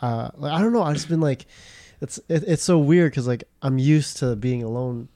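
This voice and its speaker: A man's voice: mid-range voice, moderate pace, warm tone, dry recording, clean studio sound. Rambling young man on a podcast. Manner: rambling, filler-heavy, many restarts. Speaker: podcast co-host. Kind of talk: casual chat.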